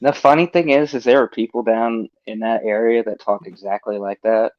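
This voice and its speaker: A man's voice: on the low side, fairly even intonation, moderate pace, no room sound, dull audio. A man co-hosting a podcast, chatting casually and profanely about movie scenes. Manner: profane, laughing, riffs on movie quotes. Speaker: podcast co-host. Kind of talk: casual chat.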